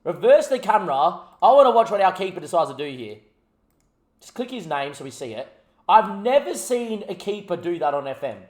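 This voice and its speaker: A young man giving animated live commentary on a football management game as a gaming YouTuber, talking at the players on screen. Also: high-pitched, brisk.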